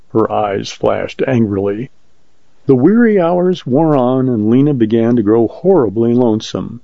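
Gravelly male story reader, dull recording. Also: mid-range voice, no echo. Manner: measured, steady storytelling. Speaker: volunteer reader of short stories. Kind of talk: audiobook story narration.

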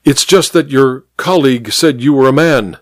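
A man's voice: medium pitch, moderate pace, no echo, clean studio sound, lightly acted. A man voicing a flustered, stammering older judge in a radio mystery.

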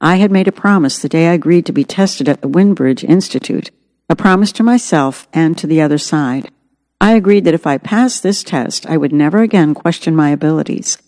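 A woman's voice: on the low side, darkish tone, big-room sound. A woman narrating her own memoir as an audiobook, in an earnest, reflective way.

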